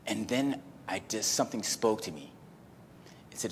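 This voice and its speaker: A man with a very low voice tells a personal story at a speaking event, loose and casual, acting out his own inner thoughts. His voice carries a long reverb from the hall with a faint hiss behind it. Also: expressive, moderate pace. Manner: casual, peppered with "like" and "you know". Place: event venue.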